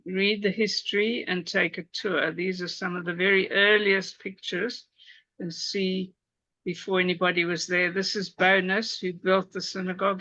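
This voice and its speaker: A woman's voice: medium pitch, fairly bright tone, no room sound. A woman hosting a video call meeting, chatting and fumbling aloud with her screen sharing. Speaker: host. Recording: dull, dry video call audio.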